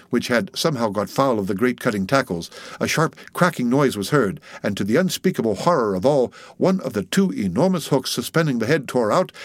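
A man's voice: mid-range voice, no echo. Man narrating a classic sea story. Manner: measured, dramatic storytelling. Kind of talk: audiobook narration of a classic novel.

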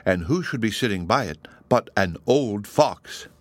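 A man narrating a children's story in an expressive, measured way. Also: fairly low pitch, dry recording, clean studio sound. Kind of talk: audiobook narration.

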